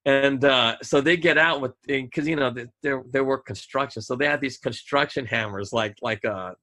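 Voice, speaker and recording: Bright-voiced man telling a rambling story. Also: medium pitch, moderate pace. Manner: rambling, animated, acts out voices in quotes. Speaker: podcast host. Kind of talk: casual storytelling.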